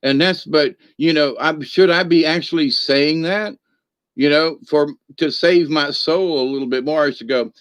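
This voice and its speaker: Speaking at a fairly high pitch and moderate pace, with a slightly bright tone in a dry recording, a man hosts a rambling spiritual livestream. He's from the northern United States, folksy and feisty, laughing often as he reads comments and greets viewers by name.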